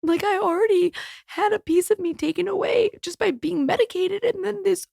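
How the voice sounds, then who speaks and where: A woman in her thirties speaks in a high voice, thick with vocal fry. She hosts her own podcast and talks in a raw, heartfelt way, swearing casually along the way. The sound is close and dry, with no room around it. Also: normal speed, darkish tone, dry recording. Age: 30s. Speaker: podcast host. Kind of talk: personal podcast monologue.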